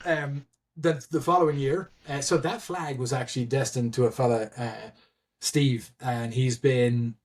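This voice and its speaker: A man's voice: medium pitch, darkish tone. A man guest telling stories in a casual interview, rambling with many restarts and fillers, laughing and swearing freely. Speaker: guest, event admin.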